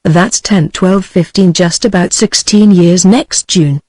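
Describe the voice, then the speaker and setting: A woman's voice: lowish voice, takes it slowly, darkish tone, dry recording. A synthetic woman's voice with a British English accent, reading the lines of an evasive young male store clerk. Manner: hesitant, evasive.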